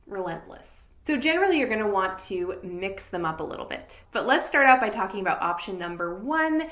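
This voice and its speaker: A woman teaching fiddle, explaining in a clear and patient way and counting beats aloud. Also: mid-range voice, very animated, brisk, fairly bright tone, reverberant. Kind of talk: instructional tutorial.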